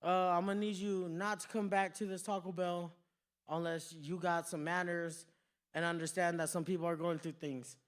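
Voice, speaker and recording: A man voicing a firm, formal fast-food manager in a stand-up bit. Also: high voice, flat delivery, voice pushed down, close to an everyday voice. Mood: stern.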